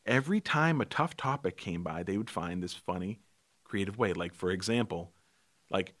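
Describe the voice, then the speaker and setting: A man's voice: deep voice, expressive, moderate pace, fairly bright tone. A man co-hosting a casual movie chat, talking about films with enthusiasm and explaining things as he goes. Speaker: podcast co-host.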